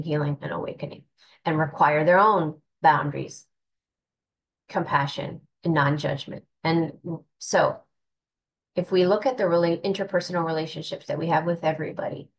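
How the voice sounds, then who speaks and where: A woman's voice: deep voice, slight background noise, low-quality recording. A woman giving an earnest, reflective spiritual talk in a casual, conversational way, often restarting her sentences. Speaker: spiritual teacher.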